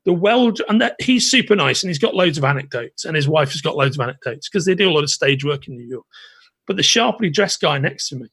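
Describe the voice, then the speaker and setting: A British man hosting a podcast, telling a long anecdote in an animated way with lots of restarts. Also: fairly high pitch, fast, breathy edge, no room sound. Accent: British English. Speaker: podcast host. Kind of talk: casual storytelling chat.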